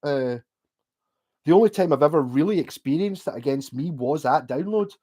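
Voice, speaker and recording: A man from Scotland with a softened Glaswegian accent, chatting casually on a livestream and answering viewer comments. He rambles, restarts his sentences, swears freely and laughs between thoughts. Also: a little high, expressive, moderate pace, a little hiss or hum. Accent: Glaswegian Scottish, softened.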